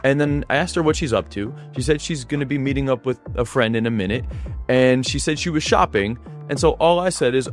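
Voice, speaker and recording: A man at a middle pitch explains a clip to viewers with energy and a teaching tone. He often switches into re-enacting his own lines, and faint music plays underneath. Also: brisk. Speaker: dating coach. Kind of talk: video breakdown voice-over.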